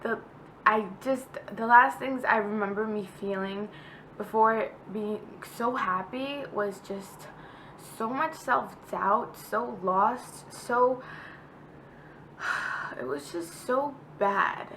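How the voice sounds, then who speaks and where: A woman's voice: fairly high pitch, slow, a bit bright, a little hiss or hum, low-quality recording. A young woman giving a casual, heartfelt pregnancy vlog update, chatty and full of fillers. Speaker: vlogger.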